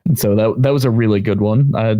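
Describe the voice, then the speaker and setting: A man with a lowish voice co-hosts a casual podcast. He talks in a relaxed way and murmurs along, on a dry recording. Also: quick pace, no room sound. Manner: relaxed, many listening murmurs. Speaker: podcast co-host. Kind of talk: casual chat.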